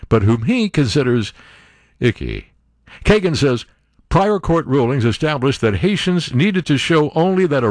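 A man's voice: fairly high pitch, no echo, studio quality. A man hosting a political talk radio show, reading out court opinions and answering them with sarcastic, incredulous commentary.

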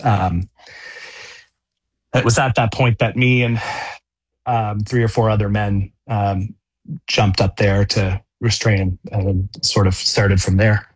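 Halting, dry-voiced man recounting. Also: on the low side, little pitch movement, husky, no echo. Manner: halting, many fillers and restarts. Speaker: radio interview guest. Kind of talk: casual phone-in interview.

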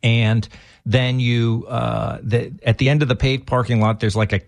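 A man's voice: medium pitch, flat delivery, moderate pace, creaky, no echo. Man, massachusetts accent, rambling storyteller, casual chat, dry close sound. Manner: rambling storyteller, many restarts.

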